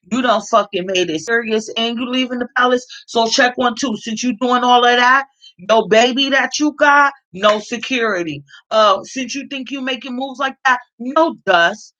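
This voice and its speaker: A woman from California with a slightly high voice delivers a blunt, profanity-laced commentary rant. She hammers her points home by saying them again and again. The recording sounds dull and lo-fi. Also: fairly bright tone. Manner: blunt, heavily profane, repeats herself for emphasis. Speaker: vlogger.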